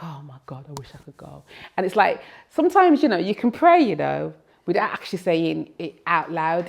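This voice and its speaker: A woman gospel singer reminiscing in an interview, talking in a lively, expressive way. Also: low-pitched, creaky.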